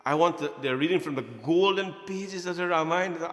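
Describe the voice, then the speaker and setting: Speaking briskly in a fairly bright, somewhat high voice, a temple priest in his forties shares a story from his childhood during a prayer gathering. He jokes, laughs, and does character voices, while the hall echoes and faint music plays behind him.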